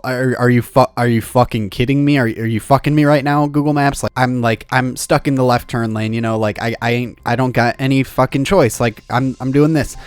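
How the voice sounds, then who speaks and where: A young man from Illinois telling a profane, exasperated rant full of rambling restarts. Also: mid-range voice. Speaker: vlogger. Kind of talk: ranting storytime vlog.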